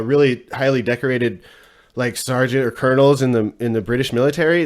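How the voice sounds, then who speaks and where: A man hosts a podcast on his own, telling a story in a loose, rambling way. He swears freely, leans on fillers, and chuckles as he goes. His voice sits at an ordinary middle pitch. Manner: rambling, profane, frequent laughs, many fillers. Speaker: podcast host. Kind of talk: casual solo storytelling.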